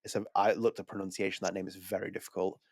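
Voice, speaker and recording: A man's voice: low voice, little pitch movement, fast, vocal fry, breathy edge, no room sound, clean studio sound. A man hosting a podcast, talking casually, correcting himself and reading press text aloud. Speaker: podcast host.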